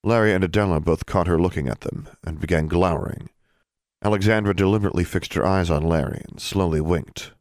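A man reading a novel aloud as a narrator, even and unhurried. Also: deep voice, no room sound, studio quality. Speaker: audiobook narrator. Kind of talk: scripted narration.

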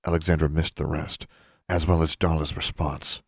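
A man narrating a fantasy audiobook in a measured, suspenseful storytelling manner. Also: extremely low pitch, flat delivery, breathy edge, no room sound, studio quality.

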